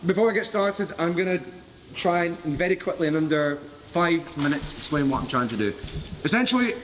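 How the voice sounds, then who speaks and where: A man's voice: a little high, expressive, fairly quick, long reverb tail, a little hiss or hum. A man from Glasgow with a broad Glaswegian Scottish accent, teaching a live martial arts class in a jokey, cheeky way and swearing freely. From Glasgow, Scotland. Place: training mat with a class around him.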